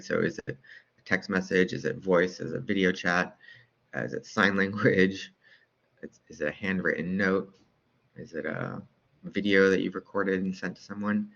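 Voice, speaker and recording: A man with a very low voice talks through lecture slides in an easygoing, informal way. He keeps asking rhetorical questions and checking in with "right?". The recording sounds dull and lo-fi. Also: creaky, fairly bright tone.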